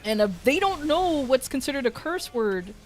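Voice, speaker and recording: A woman's voice: high voice, expressive, normal speed. A woman with an American accent chatting casually on a stream, rambling through a story, swearing freely and laughing often. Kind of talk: casual chat.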